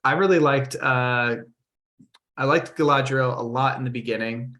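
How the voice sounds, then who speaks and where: A man co-hosting a podcast in casual chat, laid-back and quick to laugh. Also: mid-range voice, a bit bright. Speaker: podcast co-host.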